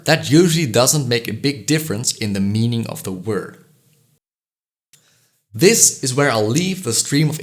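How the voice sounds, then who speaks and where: A man giving a scripted educational voice-over, explaining pronunciation clearly and slowly sounding out example vowels. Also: mid-range voice, a bit bright. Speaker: language educator.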